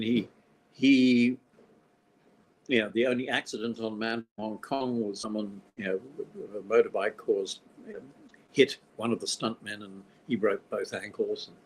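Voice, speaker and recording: A man's voice: fairly low pitch, level tone, measured pace, rough recording. An older man from Australia, a film director being interviewed, talking in a rambling way with dry, wry humor. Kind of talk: casual interview conversation.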